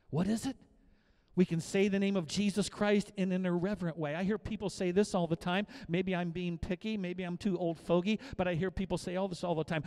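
A high-pitched middle-aged man preaching a sermon as pastor. He drops to quiet, confiding asides, then rises into loud, repeated declarations of emphasis. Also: fairly even intonation, a little fast.

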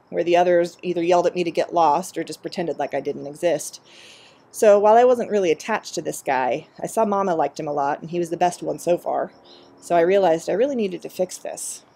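Brief: woman storyteller, measured reflective reading, gravelly low-set voice. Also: warm tone. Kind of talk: reading a personal story aloud.

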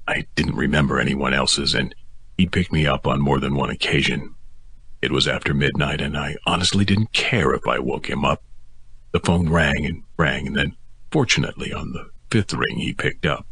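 A man narrating a first-person novel as an audiobook, in a gruff, weary telling. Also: rumbling low, normal speed, pushed and bright, no echo, studio quality.

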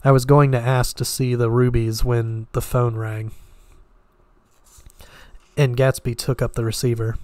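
A man reads a classic novel aloud in a steady, mid-pitched voice, now and then tripping on a word and starting it over. The recording is dry and close, with no room sound. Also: measured pace, long pauses, no room sound. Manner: steady, with occasional slips and restarts. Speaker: reader.

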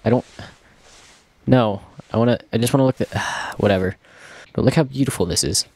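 A young man chats his way through a gameplay session, joking at his own expense and talking to himself as he goes. His voice sits in an ordinary middle pitch, and his delivery is loose and off the cuff. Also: fairly quick, a little mellow, no room sound. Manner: chatty, talks to himself, jokey and self-mocking. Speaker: gameplay commentator. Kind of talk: casual let's-play commentary.

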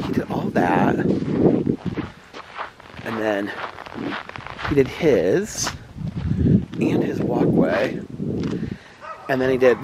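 A man's voice: mid-range voice, noisy background. A man chatting to his viewers while walking outdoors in the snow, exclaiming and laughing often, recorded on a phone. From Indiana, USA. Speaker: vlogger. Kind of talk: casual walking vlog.

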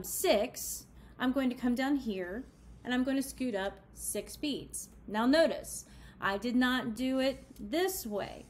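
A middle-aged woman giving a step-by-step math lesson walkthrough for parents, clear and encouraging as she demonstrates on an abacus. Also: on the high side, slight background noise. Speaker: math curriculum instructor.

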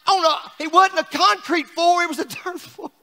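A man's voice: very high voice, steady tone, normal speed, pushed and bright, big-room sound, faint music behind. A man preaching an exuberant, joking sermon to his congregation in a church. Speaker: pastor. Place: church sanctuary.

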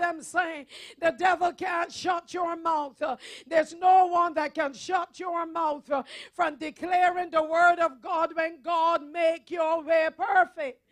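A woman evangelist preaching a sermon with impassioned, often shouted proclamations. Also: very high voice.

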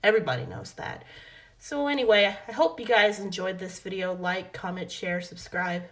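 A woman's voice: mid-range voice, expressive, normal speed. A young adult woman talking casually to her viewers in a vlog, rambling and correcting herself often, recorded on a phone. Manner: rambling, self-correcting, many fillers. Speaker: vlogger. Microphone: phone camera mic.

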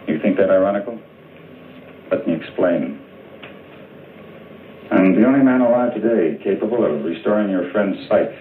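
A man's voice: low voice, natural voice. A man playing an arrogant, lecturing scientist. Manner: cold, lecturing. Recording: tinny old film soundtrack with faint hiss.

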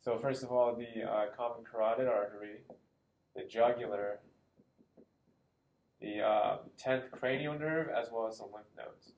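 A man's voice: mid-range voice, steady tone, unhurried, pauses often, a little mellow, lo-fi sound. A man giving an anatomy lesson, explaining as he draws, with frequent ums and small self-corrections. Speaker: anatomy lecturer. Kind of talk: drawing-board anatomy lesson.

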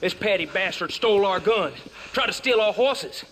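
An actor playing a menacing gunman thug who shouts threats. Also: high voice, expressive, moderate pace, a little hiss or hum. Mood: threatening.

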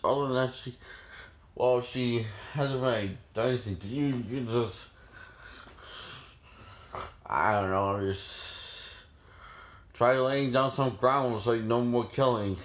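A man's voice: medium pitch, slow, long pauses. A man casually reviewing a horror film, rambling with many restarts and frequent laughs.

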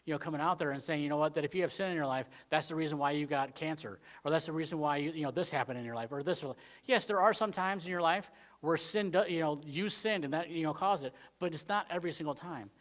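Rambling, fairly high-voiced man preaching. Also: quick pace. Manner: rambling, conversational, frequent "you know" fillers; swings between loud emphatic points and quiet asides. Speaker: pastor. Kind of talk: Wednesday sermon. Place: church.

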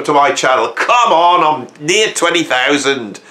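Theatrical man, bright ringing voice. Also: high voice, expressive, normal speed, few pauses. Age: middle-aged. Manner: theatrical, self-mocking, swings from hushed to loud. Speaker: music channel host. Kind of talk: casual mock-rant to camera. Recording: echoey room.

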